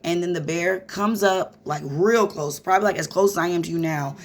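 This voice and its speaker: A woman telling a childhood story to her viewers in a casual vlog, animated and profane, calling them "y'all". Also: fairly low pitch, fairly quick.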